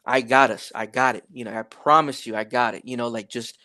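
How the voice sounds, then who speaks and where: A man's voice: medium pitch, fairly quick, no echo, studio quality. A young man, a rapper guest on a podcast, telling a story casually, with lots of fillers and swearing. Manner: laid-back, profane, many fillers, animated retelling.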